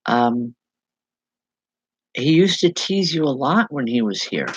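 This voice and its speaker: A woman medium giving a live spiritual reading to viewers, speaking in halting, repeated phrases with soft reassurance. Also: very deep voice, very animated, breathy edge, poor audio. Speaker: psychic medium.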